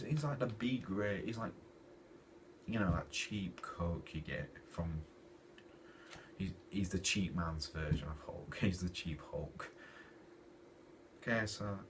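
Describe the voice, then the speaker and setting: A deep-voiced man rants through a comic review in an animated, exasperated way. He sits back from the mic, and a clear hiss of noise runs under his voice. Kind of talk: casual comic review rant. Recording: distant mic with noisy background.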